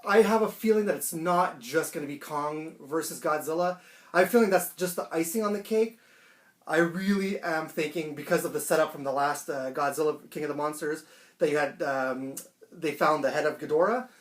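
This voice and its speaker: A man chatting excitedly and swearing casually through a home unboxing vlog. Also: a little high, fairly quick. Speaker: toy collector vlogger. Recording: roomy echo, faint background music.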